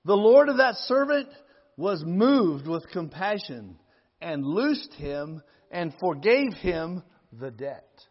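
A man preaching a sermon, reading scripture slowly and rising to loud, emphatic appeals to the congregation. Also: high-pitched, lively intonation, long reverb tail, lo-fi sound.

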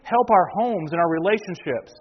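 A man's voice: sits high, normal speed, slight background noise. Man preaching a conversational sermon. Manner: conversational preaching, asks the congregation questions, repeats words. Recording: muffled church recording with reverb.

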